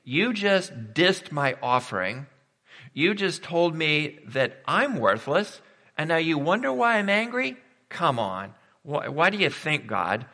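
A preacher putting on an exasperated, sarcastic young Cain. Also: male voice, a little high, lively intonation, normal speed, bright, forceful tone, in a large hall. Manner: exasperated, mocking rhetorical complaints. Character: indignant young male Cain, sarcastic and aggrieved.

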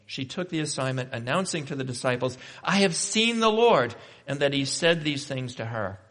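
A man preaching, reading scripture aloud and breaking in with rhetorical questions, conversational and animated, sometimes slowing right down for emphasis. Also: medium pitch. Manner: reads scripture then comments with rhetorical questions; conversational and animated, shifting between slow emphatic and quick asides. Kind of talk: sermon.

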